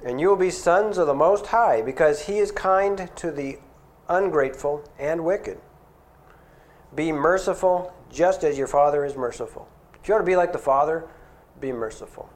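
A middle-aged man preaching a sermon in an earnest, conversational way, asking his listeners questions. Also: on the high side.

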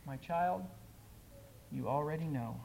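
A male preacher voicing Jesus as a sorrowful, gentle judge, speaking softly and gravely during a dramatic poem recitation in a sermon. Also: on the high side, slight background noise, low-quality recording. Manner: soft, grave and measured.

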